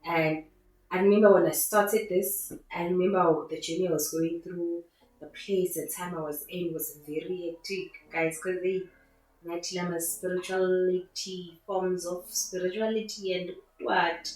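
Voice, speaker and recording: Casting note: low-voiced woman, rambling podcast host, very echoey room with faint music underneath. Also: unhurried. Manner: excitable and rambling, with faith-filled asides. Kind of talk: casual solo podcast monologue.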